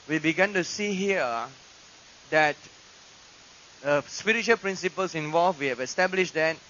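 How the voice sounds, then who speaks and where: A male pastor preaching a sermon in a church, swinging dramatically between loud proclamations and hushed asides. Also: a little high. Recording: dull lo-fi archive recording with hiss.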